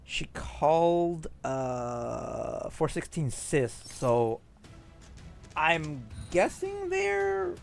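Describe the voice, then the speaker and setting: A man streaming a game, casually reading cutscene dialogue aloud and tossing in quick asides. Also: fairly high pitch, very animated, creaky, faint music behind. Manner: reads cutscene lines aloud and reacts with quick asides and laughs.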